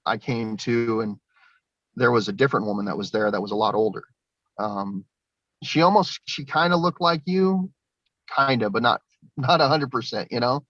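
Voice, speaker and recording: A man's voice: on the low side, fairly bright tone, no echo, lo-fi sound. A young man telling a long personal story in an interview, rambling with many fillers and restarts. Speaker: guest. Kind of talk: recounting personal experiences.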